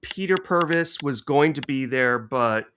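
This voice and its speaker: A middle-aged man co-hosting a podcast, telling stories in an animated way and laughing often. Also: medium pitch, a little slow, a little hiss or hum. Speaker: podcast co-host. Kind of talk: casual podcast chat.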